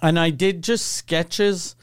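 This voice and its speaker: A man co-hosting a casual podcast, telling joking, animated stories about his school days. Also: a little high, slow pace, clean tone. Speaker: podcast co-host. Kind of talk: casual storytelling chat.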